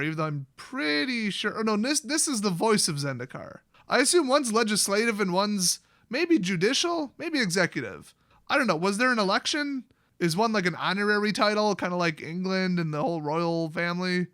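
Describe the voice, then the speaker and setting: High-voiced dude snarking through a lore recap, dry close mic, swears a lot. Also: male voice, animated, moderate pace, sharp tone, no echo. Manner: sarcastic, rambling, swears casually. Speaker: YouTube lore host.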